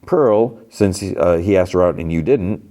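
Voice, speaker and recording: A man's voice: sits low, normal speed, warm tone, natural voice. A man voicing a sarcastic, dry-witted teenage girl sidekick, in a teasing tone.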